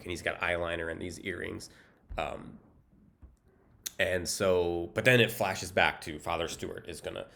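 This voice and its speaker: A man casually recapping a film plot with deadpan humor, rambling and filling gaps with "um" and "like". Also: deep voice, creaky. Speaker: movie recap host.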